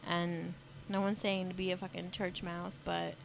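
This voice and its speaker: A woman's voice: lowish voice, flat delivery, moderate pace, creaky, slight background noise. A young adult woman co-hosting a podcast, telling a candid story in casual chat and acting out the quotes. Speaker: podcast co-host.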